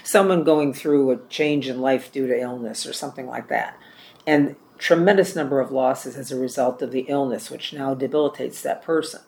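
A man teaching a church care-ministry class, with a voice of ordinary middle pitch. He speaks plainly and often repeats or corrects himself as he goes. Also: normal speed, vocal fry, darkish tone, a little hiss or hum.

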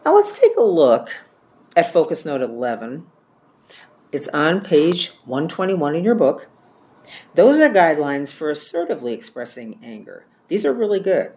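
A man's voice: a little high, wildly swooping pitch, normal speed, a little mellow. A man leading a church care-ministry training class, teaching in a plain-spoken way and often repeating or correcting himself.

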